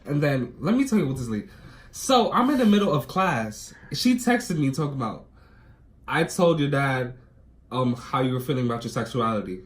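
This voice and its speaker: A young man with a New York accent in a casual chat, telling stories in an animated way and swearing a lot. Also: mid-range voice, normal speed. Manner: animated storytelling, swears often. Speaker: co-host.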